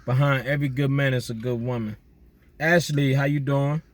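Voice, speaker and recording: A man chatting casually outdoors at night, giving relaxed, slangy shout-outs to his listeners. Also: medium pitch, normal speed, dry recording. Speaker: vlogger doing viewer shout-outs. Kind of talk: casual chat.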